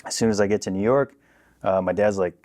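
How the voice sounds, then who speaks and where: A man as a podcast guest, telling a personal story in a casual way. He acts out the people he quotes with animated voices. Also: fairly low pitch, quick pace. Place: podcast studio.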